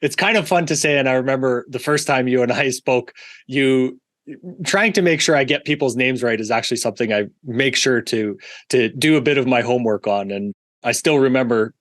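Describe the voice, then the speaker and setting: A man's voice: mid-range voice, fairly bright tone, dry recording. Easygoing male podcast host, dry sound. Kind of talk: conversational interview hosting.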